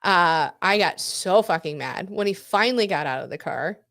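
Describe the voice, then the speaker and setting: A woman's voice: fairly low pitch, animated, normal speed, fairly bright tone, no room sound, clean studio sound. A woman in her forties co-hosting a podcast, chatting candidly, swearing freely and laughing often. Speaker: podcast co-host. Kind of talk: casual chat.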